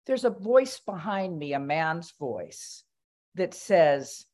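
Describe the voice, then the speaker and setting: Older woman, commission member, low-pitched, chatty storytelling, fillers and restarts. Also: lively intonation, slow pace, darkish tone. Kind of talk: spoken reflection at a meeting.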